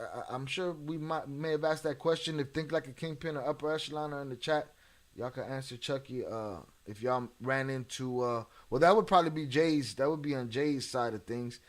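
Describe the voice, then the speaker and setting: A man hosting a casual live stream, reading out names from his chat and rambling between clips. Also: mid-range voice. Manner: loose, rambling, greets chat by name. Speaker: streamer reacting to an interview.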